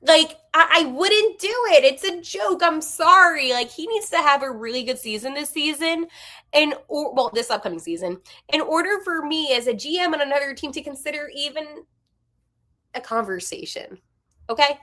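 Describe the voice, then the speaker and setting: A woman in her twenties hosting a hockey podcast, giving candid, animated opinions with quick asides. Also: sits high. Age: 20s. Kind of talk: casual opinionated commentary.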